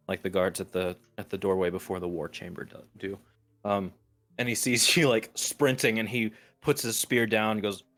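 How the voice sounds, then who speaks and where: A man narrating as dungeon master in a casual tabletop game, talking loosely with many pauses. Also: lowish voice, no room sound. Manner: relaxed, full of fillers and restarts.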